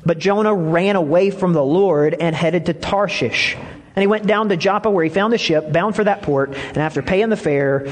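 A man's voice: high-pitched, moderate pace, big-room sound. A man preaching a sermon, telling stories with emphatic rises and drops. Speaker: pastor.

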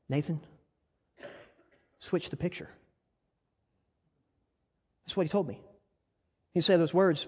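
Fervent male preacher in an echoing church. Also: a little high. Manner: impassioned storytelling that drops to soft, intimate tones. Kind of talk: sermon. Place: church sanctuary. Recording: long reverb of a large church hall.

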